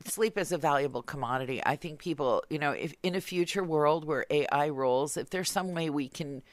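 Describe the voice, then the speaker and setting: A woman hosting a podcast, chatting casually and tossing off dry, quick wisecracks. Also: deep voice, no room sound. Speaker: podcast host. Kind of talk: casual chat.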